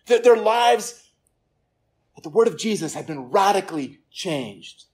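Earnest preacher with hushed emphatic drops. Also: mid-range voice, expressive, measured pace. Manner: earnest, often repeats words, drops to quiet for emphasis. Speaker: pastor. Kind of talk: sermon. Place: church service room with listeners.

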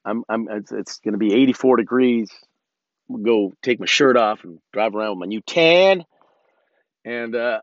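A man's voice: on the low side, dry recording. A man in his thirties ranting casually and profanely, rambling with many restarts, in a car. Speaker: vlogger. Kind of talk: casual rant. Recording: dull lo-fi sound.

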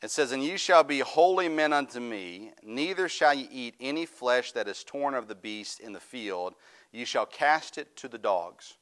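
A man's voice: medium pitch, expressive, moderate pace, fairly bright tone. A middle-aged male pastor preaching a sermon, reading scripture aloud and rising into fervent, raised preaching.

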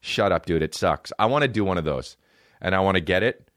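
A man with a very low, deep voice hosts a comedy podcast, rambling from one bit to the next. He swears freely and slips into quick impressions. The sound is dry and close, with no room around it. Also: animated, a bit bright, dry recording. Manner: profane, riffing, jumps between bits and impressions.

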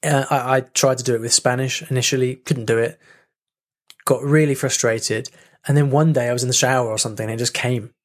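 A man speaking as a language coach in a casual teaching talk, lively, saying sounds aloud to demonstrate them and often restarting his phrases. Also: mid-range voice, brisk. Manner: restarts and repeats words often.

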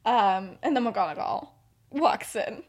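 A woman's voice: fairly high pitch, expressive, slow. Giggly young woman rambling through a story. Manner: giggly, rambling, filler-heavy. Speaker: podcast host. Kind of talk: casual fan-fiction storytelling.

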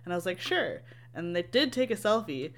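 A young woman co-hosting a casual podcast, her voice sitting a little low but swinging widely in pitch as she laughs through her own story. She is giggly and self-deprecating. A faint hum runs underneath the recording. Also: very animated, brisk. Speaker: podcast co-host. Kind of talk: casual chat.

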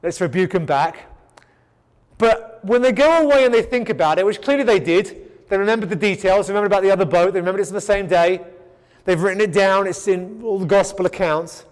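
A man teaches the Bible in sermon style, emphatic and repetitive, with rhetorical build-ups. He often stammers as he restarts his sentences. His voice is high and a little fast, and the recording has a long reverb tail.

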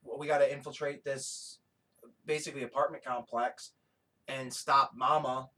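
A man co-hosting a podcast in casual chat, talking in a rambling, excitable way with plenty of swearing. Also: medium pitch, normal speed, low-quality recording. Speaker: podcast co-host.

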